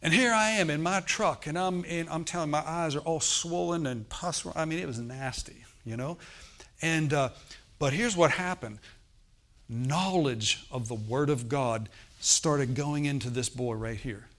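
A man's voice: fairly high pitch, unhurried, fairly bright tone. Preacher man telling a testimony. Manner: storytelling with frequent "Amen?" to the congregation. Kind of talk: sermon testimony.

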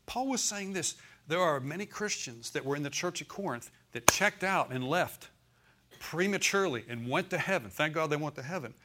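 A man's voice: fairly high pitch, bright, forceful tone. A male pastor preaching a sermon in a conversational, folksy way. He often checks in with the congregation for an "amen" and repeats phrases for emphasis.

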